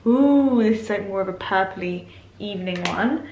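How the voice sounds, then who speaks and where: A woman's voice: mid-range voice, normal speed, echoey room, slight background noise. A young woman chatting casually in her bedroom as she unboxes parcels, gushing and full of exclamations. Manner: gushing, excitable, lots of exclamations. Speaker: vlogger. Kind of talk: casual vlog chat while unboxing. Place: bedroom at home.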